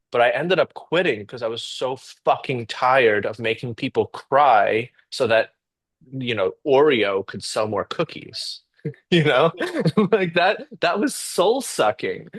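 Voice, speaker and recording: A man who is a guest in a casual conversation, telling a story in an animated way. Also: mid-range voice, no echo.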